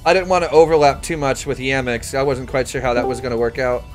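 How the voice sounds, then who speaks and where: A man's voice: medium pitch, steady tone, fast, soft background music. A man casually chatting on a live game stream, rambling, correcting himself and laughing easily.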